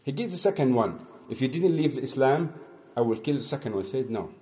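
A man preaching in English, telling a religious story in a conversational, halting way, acting out the dialogue. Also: medium pitch, expressive, dark tone. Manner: conversational, halting, many restarts, acts out dialogue. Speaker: Islamic preacher. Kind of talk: storytelling sermon.

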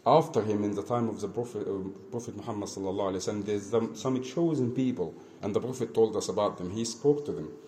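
A man preaching an earnest lesson, repeating phrases and swinging between soft asides and emphatic calls. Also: lowish voice, quick pace, few pauses, slight background noise. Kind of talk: mosque lesson, storytelling sermon.

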